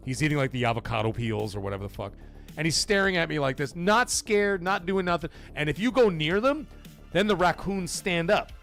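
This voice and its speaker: A man hosting a gaming livestream from home talks in loose, profane banter with his chat. His voice is fairly high for a man and swings widely in pitch. Faint music plays under him. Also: a bit bright. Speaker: livestream host. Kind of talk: casual livestream chat, reading out chat.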